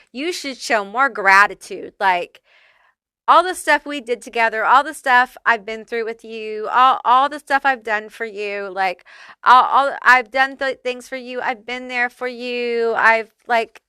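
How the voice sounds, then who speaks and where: A woman's voice: on the high side, pushed and bright, clean tone, dry recording, studio quality. A woman giving a casual pick-a-card tarot reading, chatty and loose, swearing freely and using lots of fillers. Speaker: tarot reader.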